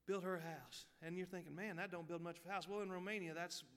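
A man tells a story from the pulpit in a high, bright, ringing voice. He drifts into hushed asides, then climbs into loud, fervent peaks. The sound carries the long reverb of a big church hall. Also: steady tone, fast. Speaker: pastor. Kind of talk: sermon storytelling.

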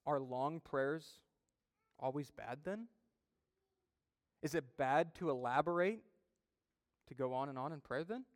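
Male pastor, sermon, fairly high voice, smooth and resonant, dry close sound. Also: a little slow, long pauses, dry recording, big-room sound. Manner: emphatic, builds intensity when retelling stories.

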